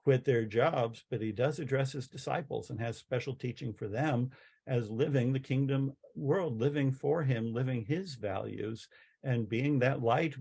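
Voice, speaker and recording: A middle-aged man lecturing as a chaplain, earnest and passionate. He stumbles and restarts often, filling pauses with "uh". His voice sits at an ordinary middle pitch. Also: a little mellow. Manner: halting, many fillers and restarts. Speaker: chaplain and teacher.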